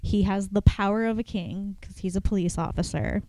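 A woman's voice: mid-range voice, fairly even intonation, fairly quick, mellow. A woman co-hosting a podcast in casual chat, chattily retelling film plots in detail. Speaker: podcast co-host.

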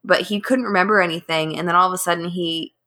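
A woman's voice: lowish voice, fast. A woman co-hosting a podcast, telling a story casually and acting out the quotes. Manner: animated storytelling, acts out quotes with laughs.

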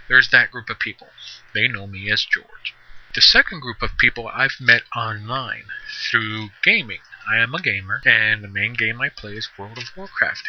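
A middle-aged man hosting his own podcast in a chatty, self-deprecating, conversational manner. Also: mid-range voice. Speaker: podcast host. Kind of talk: casual solo podcast monologue. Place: on the road. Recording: dull lo-fi sound.

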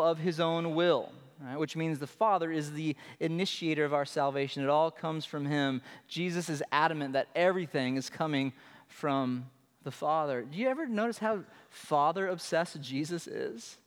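A man's voice: fairly high pitch, moderate pace, clean tone. A man preaching with a slightly raised voice that rings out through a long hall reverb. He is earnest and emphatic, leaning on repeated phrases to drive a point home. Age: adult with children. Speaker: pastor. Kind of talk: sermon.

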